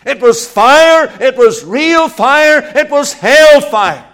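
A man preaching a sermon, emphatic and repetitive, swinging from hushed passages to loud ones. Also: very high-pitched, lively intonation, slow pace.

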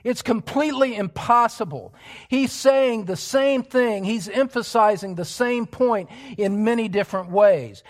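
A male pastor preaching an expository sermon in a church, emphatic, dropping to hushed asides and rising to loud exclamations. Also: sits high, unhurried.

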